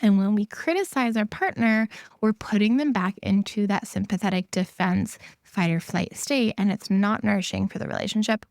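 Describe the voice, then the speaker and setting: Woman, solo podcast host, intimacy coach, earnest, emphatic, repeats key points, medium pitch, dry close sound. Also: moderate pace, gravelly, darkish tone, dry recording.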